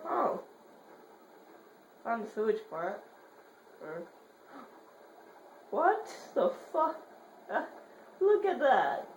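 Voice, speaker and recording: A woman playing a horror game and talking over it, her pitch jumping all over as she swears in quick repeated bursts. Between scares she mutters jokes under her breath. The room echoes, and there is a faint hiss underneath. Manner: jokey, mutters quietly between outbursts. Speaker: gamer. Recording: roomy echo, faint hiss.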